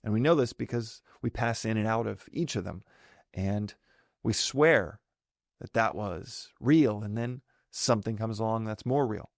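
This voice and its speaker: A man's voice: on the low side, measured pace, vocal fry, dry recording, clean studio sound. A man hosting a solo podcast, explaining ideas in a thoughtful way and often correcting himself mid-sentence. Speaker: podcast host. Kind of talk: solo reflective podcast talk.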